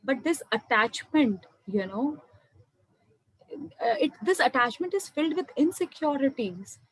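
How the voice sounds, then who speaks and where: A woman's voice: sits high, expressive, unhurried, dry recording, poor audio. A young woman giving an earnest spiritual talk on meditation, often calling her listeners "my dear friends". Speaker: meditation speaker. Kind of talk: spiritual talk to an online audience.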